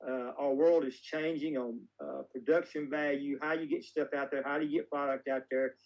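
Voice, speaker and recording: A man with a somewhat high voice, chatting as a guest filmmaker. He tells folksy, meandering stories, circling back and restarting his sentences. His delivery is loose and conversational. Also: steady tone, normal speed, low-quality recording. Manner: folksy, rambling anecdotes with many restarts. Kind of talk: casual interview storytelling.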